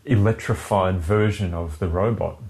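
A man with a very deep voice talks loosely with a friend on a podcast. He wanders from point to point, swears casually and laughs a lot. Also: normal speed, darkish tone. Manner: rambling, swears freely, laughs often. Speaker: podcast co-host. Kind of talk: casual chat.

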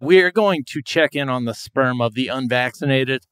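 A man's voice: medium pitch, normal speed, a bit bright, clean tone. A man hosting a podcast, upbeat as he introduces guests and runs through the topics. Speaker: podcast host. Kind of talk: casual chat.

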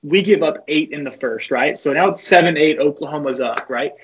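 A young man, a former college pitcher, telling loose, profane stories as a podcast guest. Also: a little fast, lo-fi sound, a little hiss or hum. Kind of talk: casual podcast chat.

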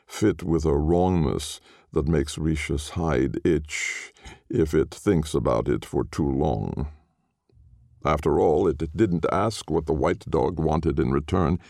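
A man narrating a dark audiobook in a slow, grave, measured way. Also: a bass voice, creaky, dry recording, studio quality.

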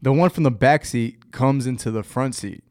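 A young man appears as a podcast guest in a casual chat, telling an animated story full of laughter and acted-out quotes. His voice sits in the mid range and he talks at a normal speed.

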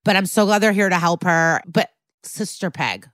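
Lady podcast host, swears a lot, lowish voice, really dry close sound, retelling a tv episode. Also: moderate pace, no room sound. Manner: profane, animated retelling. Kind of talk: casual chat recapping a TV episode.

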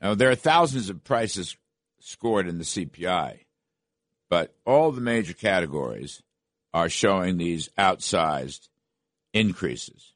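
A man's voice: deep voice, expressive, slow pace, no echo. An older man hosting a talk radio show, delivering emphatic, repetitive political commentary from a studio. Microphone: studio microphone.

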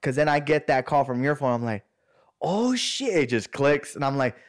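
A man's voice: mid-range voice, expressive, moderate pace. A man casually telling friends a long story, rambling and slangy, acting out what others said. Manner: rambling, slangy, acts out quoted voices. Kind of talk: casual chat.

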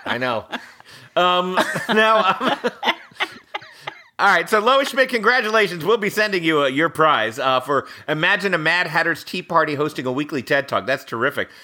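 A man's voice: fairly high pitch, lively intonation, normal speed, pushed and bright. A man hosting a podcast in casual chat, wry and steering the conversation back on track. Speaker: podcast host.

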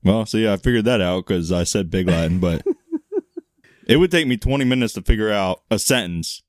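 Low-voiced joking man, dry sound. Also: lively intonation, moderate pace, no echo. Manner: crude jokes, laughs a lot, puts on silly voices. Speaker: podcast co-host. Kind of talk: casual comedic chat.

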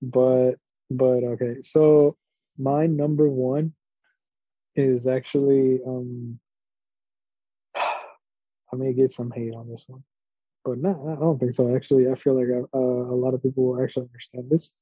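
A man co-hosting a casual podcast, telling long, rambling stories and putting on little voices for the people in them. His voice is husky and mid-pitched. The recording is dry and a bit dull. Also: measured pace, long pauses, dry recording. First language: Spanish. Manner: rambling, animated storytelling with quoted voices and laughs. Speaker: podcast co-host. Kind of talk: casual chat.

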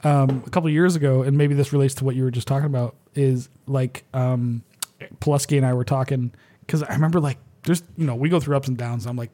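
A man's voice: mid-range voice, fairly even intonation, fast, dark tone. Blunt, swearing man who leads a pipe band. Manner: blunt, profane, laid-back. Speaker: pipe major. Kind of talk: casual podcast chat.

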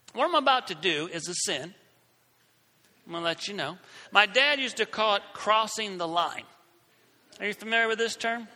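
Animated middle-aged male preacher, bright tone. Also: high voice, in a large hall. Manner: animated, acts out voices in his story. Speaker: Christian speaker. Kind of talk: storytelling sermon.

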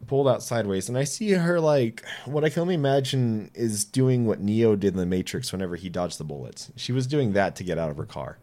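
A podcast guest, a man in his late twenties with a fairly low voice, tells stories casually and gets animated as he goes. He acts out the dialogue of the people he quotes and swears freely. He talks fairly quickly with few pauses.

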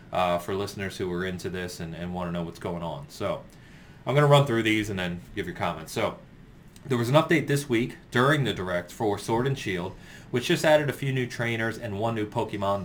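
A man with a fairly low voice talks through the week's gaming news in an easy, conversational way, laughing along with his co-host. A faint hum of noise sits under the recording. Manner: relaxed, chatty, laughs often. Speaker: podcast co-host. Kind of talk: casual gaming news chat.

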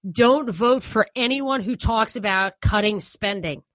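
A woman with a New York accent holds forth in casual commentary. She is animated and opinionated and leans on fillers. Her mid-pitched voice sounds dry and close. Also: unhurried, dry recording. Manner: animated, opinionated, frequent fillers like "you know".

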